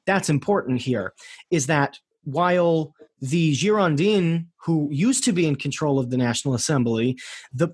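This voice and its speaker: An American man talks through history in a loose, rambling podcast chat, doubling back over his words as he goes. His voice is a touch high and husky. The sound is dry and close, with no room behind it. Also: dry recording. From United States. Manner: rambling storyteller, frequent restarts.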